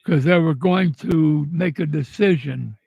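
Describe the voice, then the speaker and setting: Tearful older man, high gravelly voice. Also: a little mellow, dry recording, muffled recording. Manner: halting, repeats words, angry and grieving. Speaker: vlogger. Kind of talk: emotional personal monologue.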